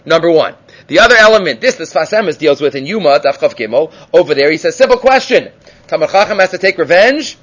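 High-voiced, animated man teaching Talmud. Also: husky. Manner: animated, quick asides, many Hebrew and Aramaic terms, fillers. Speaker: Talmud teacher giving a daily class. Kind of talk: Talmud lecture with storytelling.

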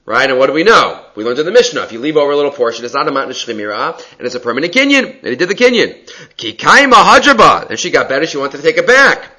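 A man teaching a text study class, reading passages aloud and explaining them in a relaxed, conversational way. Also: fairly high pitch, fast talker, poor audio. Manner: answers student questions. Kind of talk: Talmud class lecture.

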